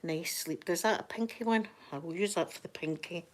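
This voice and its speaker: A Scottish woman chatting softly for a live ASMR stream, easy and rambling, slipping now and then into whispers, close to the microphone. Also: on the low side, fairly quick. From Scotland. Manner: soft-spoken, chatty, drifting into whispers. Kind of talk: soft-spoken ASMR chat.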